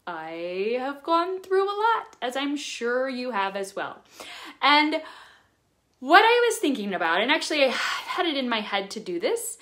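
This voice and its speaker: A woman vlogger talking casually to her viewers, chatty and animated as she shares personal reflections. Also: high-pitched, unhurried. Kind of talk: casual talk to camera.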